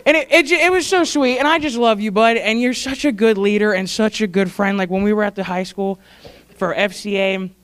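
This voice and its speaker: Smooth-voiced young woman, choked-up and rambling. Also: mid-range voice, brisk. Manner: rambling, affectionate, laughing, fighting back tears. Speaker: church staff speaker honoring graduates. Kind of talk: heartfelt tribute speech. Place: church service.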